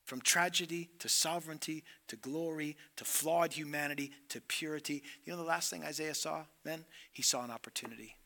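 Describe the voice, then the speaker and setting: A man preaching a sermon to a men's gathering, moving between hushed, drawn-out lines and loud, emphatic passages as he acts out scripture dialogue. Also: a little high.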